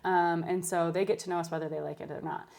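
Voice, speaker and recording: Casting: woman in her 30s, nurse guest, lowish voice, candid and heartfelt. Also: fairly even intonation, fast, gravelly, darkish tone. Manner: candid storytelling, emotional at times. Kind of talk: casual interview chat.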